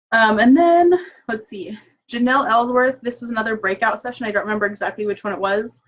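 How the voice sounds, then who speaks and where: A woman's voice: mid-range voice, fairly bright tone, lo-fi sound. A woman chatting casually and upbeat through a live-stream recap from her home office, full of fillers and quoted asides. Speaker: direct sales consultant. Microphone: laptop mic.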